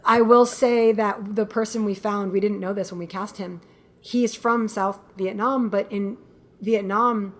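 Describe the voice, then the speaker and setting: Animated woman telling stories in chat. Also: medium pitch, a little slow. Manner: animated storyteller, laughs often, acts out quotes. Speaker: guest filmmaker. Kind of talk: casual interview chat.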